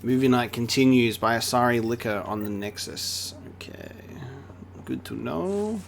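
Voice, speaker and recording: A man's voice: mid-range voice, measured pace, creaky. A man streaming a video game and giving casual commentary. He reads the on-screen text aloud in an easygoing voice, with a faint hiss of noise behind him. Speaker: gaming streamer. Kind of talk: let's-play commentary.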